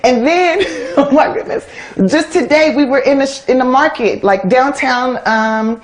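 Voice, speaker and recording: A woman in her thirties with an American accent, a guest in an interview, talking in a lively way and laughing often. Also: sits high, a little slow. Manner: animated, laughs often, acts out quoted voices. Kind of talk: casual interview talk.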